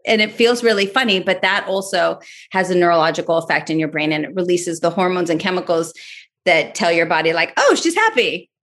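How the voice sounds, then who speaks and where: A woman's voice: lowish voice, steady tone, a little fast, a bit bright. A woman in her forties, a podcast guest, telling a parenting story in casual chat and acting out her own thoughts.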